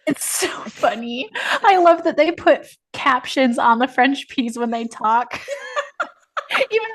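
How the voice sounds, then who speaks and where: Young woman co-host, slightly high voice, giggly and enthusiastic, casual chat. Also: lively intonation, takes it slowly, fairly bright tone. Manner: giggly, enthusiastic listener chiming in. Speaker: podcast co-host.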